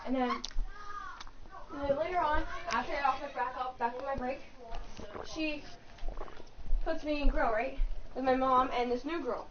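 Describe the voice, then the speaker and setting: A woman's voice: sits high, unhurried, pauses often. A young woman telling a rambling work story in casual chat, swearing often and stringing her sentences together without a break. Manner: breathless run-on storytelling, swears a lot. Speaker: fast-food worker. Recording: muffled and distant, faint hiss.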